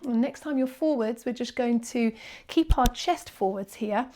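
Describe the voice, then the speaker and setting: A woman teaching a guided yoga class, gentle and encouraging, often dropping to a soft near-whisper while counting breaths. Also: on the high side, normal speed, a little hiss or hum. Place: indoors, quiet room with birds faint outside.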